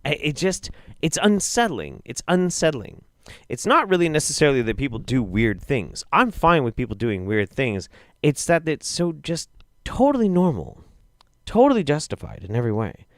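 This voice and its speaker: A young man hosting a comedic video roundup, reacting with profane, exasperated commentary that swings between low mutters and loud outbursts. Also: big pitch swings, normal speed, no echo, clean studio sound. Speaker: show host.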